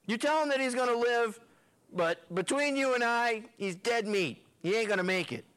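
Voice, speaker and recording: Preaching through a Bible passage, this male pastor tells it folksy and colloquial, tossing in slangy asides. His voice is very high, animated, a bit bright and smooth, at a normal speed.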